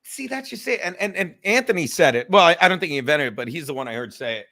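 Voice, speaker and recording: A man's voice: fairly high pitch, expressive, sharp tone. A man hosting a podcast, ranting and joking in casual chat, with crude, profane humor. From New York. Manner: profane, joking, quick rants. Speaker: podcast host.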